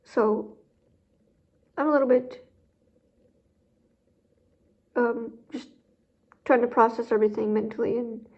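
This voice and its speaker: A woman's voice: fairly high pitch, fairly even intonation, normal speed. A woman talking candidly in a personal vlog about handling her guide dog, rambling with many fillers and sounding emotionally drained. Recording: dull lo-fi recording.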